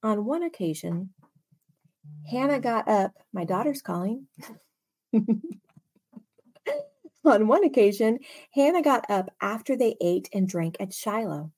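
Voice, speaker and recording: Woman Bible teacher, slow-paced, expressive and chatty, casual study tone. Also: mid-range voice, slightly rough.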